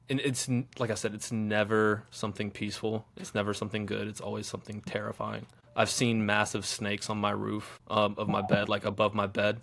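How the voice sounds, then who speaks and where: Brief: podcast host, low gravelly man, halting and reflective. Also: fairly bright tone. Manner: halting and reflective, many ums. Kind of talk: casual conversation.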